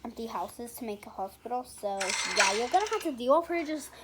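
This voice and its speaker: A woman's voice: a little high, lively intonation, a little fast. A female voice narrating a pretend roleplay in a chatty, giggly way, full of 'like' and 'so, yeah'. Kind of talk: casual pretend-play narration. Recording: faint background noise.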